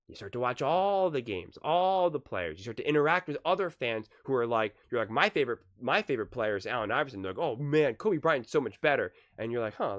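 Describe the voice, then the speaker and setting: A man hosting a casual basketball opinion vlog, talking with analogies and acting out quotes. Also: fairly low pitch. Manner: lively, with acted-out quotes and analogies. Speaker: basketball commentary host.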